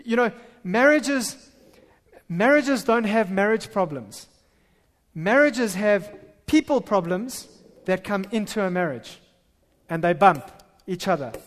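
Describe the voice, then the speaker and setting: A man preaching a sermon as pastor, animated and full of stammered restarts. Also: high voice, takes it slowly. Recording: reverberant hall.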